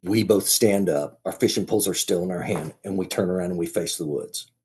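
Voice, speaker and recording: A man as a podcast guest, telling a story in a casual, halting way, often restarting and repeating his words. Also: low voice, mellow, a little hiss or hum.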